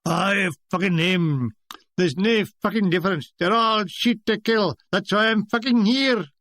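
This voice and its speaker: A man voicing a blunt young private who swears constantly and speaks slowly and emphatically. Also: high-pitched, a bit bright, dry recording. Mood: scornful.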